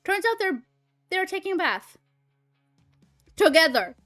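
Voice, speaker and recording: A young woman with a high voice is chatting on a livestream, recounting a story in an animated way, laughing often and swearing freely. She takes her time and doesn't rush, and the mic sounds close and dry, with no room around her. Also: a little slow, dry recording, faint music behind. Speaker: streamer and voice actor. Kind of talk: casual chat recounting a story.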